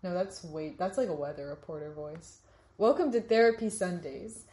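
A woman's voice: fairly low pitch, expressive, moderate pace, echoey room, heavy background noise. A young woman hosting a podcast in casual chat, with a playful, dry and teasing manner. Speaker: podcast host.

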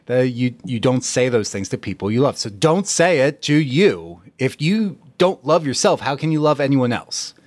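A young man hosts a casual fitness talk show in a blunt, animated manner, swearing freely. His voice sits at an ordinary pitch for a man. It is recorded close and dry, with no room sound. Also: dry recording. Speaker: podcast host.

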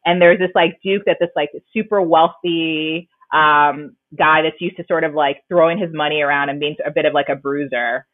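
A woman co-hosts a casual podcast chat, rambling warmly through her points with plenty of "like" and quick laughs. Her voice comes through thin and narrow, as if over a phone line. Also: sits low, fairly even intonation, dry recording. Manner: chatty, lots of "like", laughs often. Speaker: podcast co-host.

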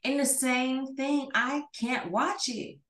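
Animated high-voiced woman co-host. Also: slow pace. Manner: animated, emphatic storytelling. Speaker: podcast co-host. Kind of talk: casual chat. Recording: echoey room.

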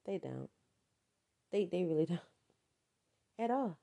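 A woman's voice: lowish voice, slow, long pauses, dark tone. A woman giving a casual advice monologue, emphatic and repeating her points for stress.

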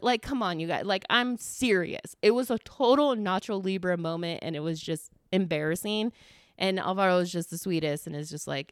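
A young woman from the United States chats on her solo podcast, telling a story in an animated, self-mocking way and swearing casually. Her voice sits at a middle pitch. The recording is dry and close, with no room sound. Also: normal speed, no echo. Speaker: podcast host.

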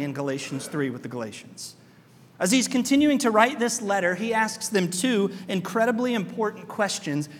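A man pastor preaching a sermon in a church, animated, asking his congregation rhetorical questions. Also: high voice, big-room sound.

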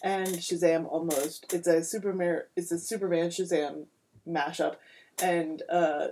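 A woman's voice: lowish voice, measured pace, slight background noise. A woman co-hosting a podcast, chatting casually and retelling comic stories with acted-out quotes. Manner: animated storyteller, acts out quotes. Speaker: podcast co-host. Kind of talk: casual chat.

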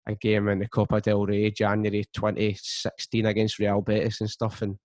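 A man chatting casually on a podcast, telling stories in a steady way with frequent restarts. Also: fairly low pitch, normal speed, no room sound, clean studio sound. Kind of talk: casual chat.

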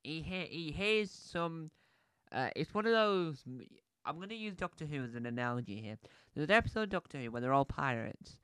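A man's voice: on the high side, animated, normal speed, sharp tone, clean tone, no room sound. A man giving a casual, rambling film review on a podcast, chatty, with many restarts and asides.

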